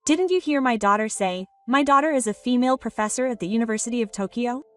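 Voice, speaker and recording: A woman reads a story aloud in a plain, even storybook voice. Her voice sits a little high and a little distant, with soft background music beneath it. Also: quick pace. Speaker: narrator. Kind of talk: scripted story narration.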